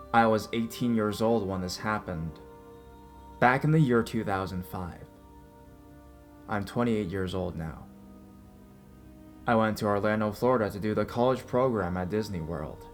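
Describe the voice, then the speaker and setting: A young adult man calmly reading first-person horror stories as a narrator. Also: on the low side. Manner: calm, measured storytelling. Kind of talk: scripted narration. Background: faint background music.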